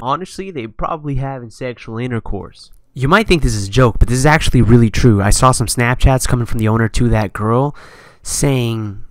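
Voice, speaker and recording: A young man telling a storytime rant as a vlogger, animated and slangy, with lots of emphasis. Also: high voice, moderate pace, soft background music.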